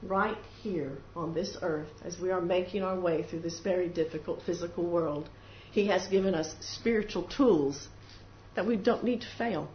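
Earnestly preaching a devotional sermon, a woman with a lowish voice keeps a moderate pace and occasionally imitates the little voices of doubters and of people praying. The audio is lo-fi and dull, with faint noise.

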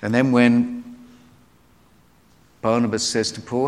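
A man's voice: mid-range voice, big pitch swings, unhurried, fairly bright tone. A man giving a sermon, telling Bible stories with acted-out quotes. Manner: storytelling, acts out quoted voices. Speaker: preacher. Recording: long hall reverb.

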